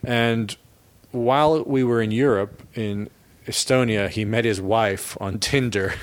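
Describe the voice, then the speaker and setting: A man's voice: fairly low pitch, slow pace. A man from South Africa co-hosting a podcast with his bandmates in casual chat, who says he changes how he talks with different people. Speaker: podcast co-host, band member.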